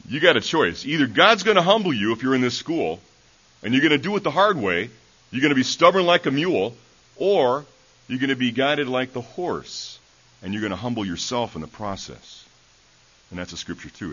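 A man's voice: lowish voice, a bit bright, breathy edge. A man who is a preacher and schoolteacher, giving a sermon in a folksy storytelling way, with many fillers and restarts, heard in a church. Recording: dull lo-fi recording.

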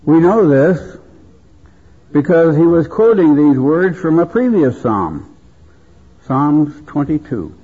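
A man preaching a sermon at a convention, speaking in a slow, measured, reverent way. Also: on the high side, very animated, slightly rough. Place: convention hall. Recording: tinny phone-like convention recording.

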